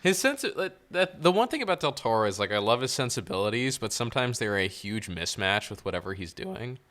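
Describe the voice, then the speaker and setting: A man's voice: medium pitch, big pitch swings, a little fast, fairly bright tone. A man co-hosting a podcast, giving wry, opinionated takes on films in casual chat. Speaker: podcast co-host.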